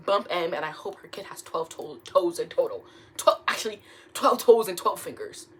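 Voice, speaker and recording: Lively young woman reading stories aloud. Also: fairly low pitch, moderate pace, slightly rough. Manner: animated, laughing asides, trips over words. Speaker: YouTuber reading online stories. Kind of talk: casual story reading with reactions. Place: room at home.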